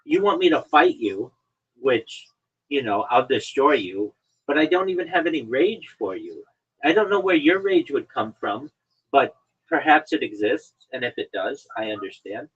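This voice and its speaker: A man with a mid-range, breathy-edged voice and lively intonation hosts a podcast on an online call. Talking at normal speed, he keeps it casual and ribs his guest in a mock-lecturing way, over dull lo-fi stream audio.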